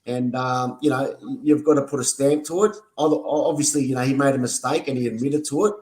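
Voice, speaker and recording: A man's voice: mid-range voice, fairly even intonation, a little fast, darkish tone. An Australian man co-hosting a football podcast, who defends his own view stubbornly. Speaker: podcast co-host.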